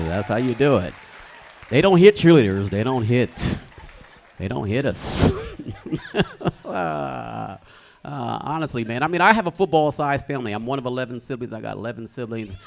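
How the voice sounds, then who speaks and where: A young man from the United States performing a stand-up comedy set in a club, telling stories loudly and shouting his acted quotes. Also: mid-range voice, normal speed, gravelly, slight background noise. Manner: animated, loud storytelling with shouted acted quotes. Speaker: stand-up comic. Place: comedy club stage with a live audience.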